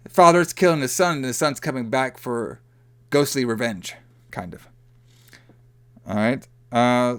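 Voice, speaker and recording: A man co-hosting a podcast, recapping a horror film in a loose, chatty way. His pitch is in a middling range, neither deep nor high, and he keeps filling gaps with "like" and "you know". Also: a bit bright. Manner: loose, rambling, heavy on fillers like "like" and "you know". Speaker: podcast co-host. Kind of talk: casual movie recap chat.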